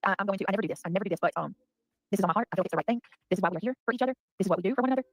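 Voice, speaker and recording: Brief: Southern woman, rapid live-stream host chatter, close dry mic. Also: medium pitch, no room sound. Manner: chatty, reads out viewer names. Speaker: livestream host. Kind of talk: casual live chat.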